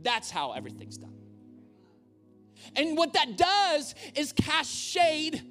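A man's voice: very high-pitched, wildly swooping pitch, slow, fairly bright tone, faint music behind. A male pastor preaching a sermon in a church, conversational, with humorous asides. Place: church auditorium.

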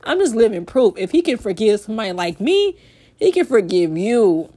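A woman's voice: mid-range voice, sing-song, moderate pace, warm tone. An emotional young woman talks on her faith podcast, close to tears. Her delivery is heartfelt and loose, full of "like" and repeated phrases. She ends up praying aloud. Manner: heartfelt, repetitive "like", ends in spoken prayer. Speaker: podcast host.

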